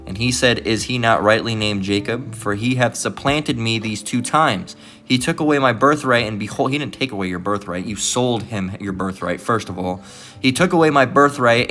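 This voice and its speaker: A man's voice: mid-range voice, a bit bright. A man preaching, reading archaic scripture aloud with stumbles and rereads, then breaking in with blunt asides that he caps with "all right?". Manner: peppers remarks with "all right?". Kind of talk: Bible reading with commentary.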